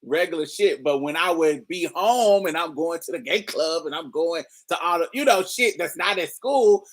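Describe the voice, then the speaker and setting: A woman's voice: fairly low pitch, animated, normal speed. Candid, laughing woman telling a story. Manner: candid, profane, laughs often. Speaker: storyteller host. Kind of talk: casual personal storytelling.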